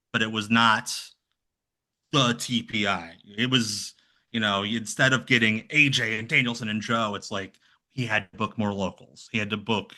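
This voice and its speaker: A man chatting casually as a podcast guest, rambling and slipping into lively impressions of other people. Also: on the low side. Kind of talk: casual chat.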